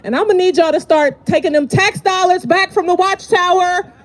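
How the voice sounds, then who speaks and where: A woman's voice: very high voice, fairly quick. A woman giving a fiery rally speech outdoors at a protest, leading the crowd in call-and-response chants. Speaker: protest speaker. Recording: faint outdoor noise.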